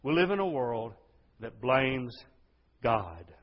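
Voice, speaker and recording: A man preaching a sermon, swinging between hushed, intimate lines and loud, impassioned outbursts. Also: mid-range voice, big pitch swings, takes it slowly. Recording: dull sound with long hall reverb.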